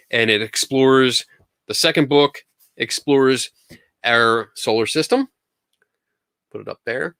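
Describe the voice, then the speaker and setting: A man's voice: medium pitch, a bit bright, dry recording, studio quality. A man hosting a live question-and-answer stream, talking casually in an upbeat, enthusiastic way, often restarting his sentences. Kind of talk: casual livestream chat.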